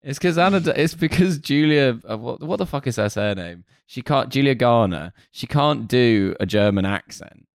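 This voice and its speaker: A man's voice: medium pitch, lively intonation, moderate pace, few pauses, no room sound, studio quality. A man co-hosting a casual chat about a sitcom, joking and trailing off into fillers. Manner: joking, trails off with fillers, puts on silly voices. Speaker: podcast co-host.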